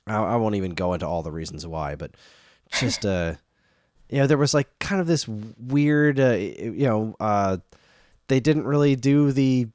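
A man's voice: on the low side, measured pace, a little mellow, no echo, clean studio sound. A man in his thirties co-hosting a casual chat show, rambling off on tangents. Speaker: podcast co-host.

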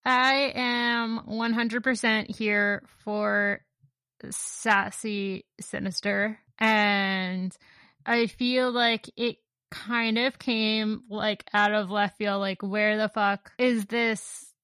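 A woman co-hosting a comic podcast, giggling and gushing between loose, profane remarks. Her voice is bright and smooth, a little high, and she speaks slowly. The sound is dry and close. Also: steady tone, no echo. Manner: giggly, enthusiastic, swears freely. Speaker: comic book podcast co-host. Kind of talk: casual chat.

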